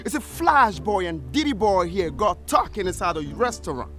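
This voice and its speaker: A flashy show-off who boasts and laughs while mixing American slang into his speech. His voice is high and bounces widely, over faint music. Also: sing-song, moderate pace, fairly bright tone. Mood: boastful. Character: flashy young man faking American slang. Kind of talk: sitcom acting.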